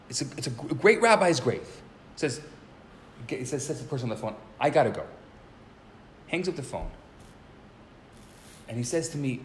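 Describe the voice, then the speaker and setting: A man teaches and tells a story to a small group in a relaxed, casual way, often repeating his opening words. His pitch moves a lot, and the room adds a clear echo with a faint hum of background noise behind him. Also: a little fast, pauses often. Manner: animated, repeats words when starting sentences.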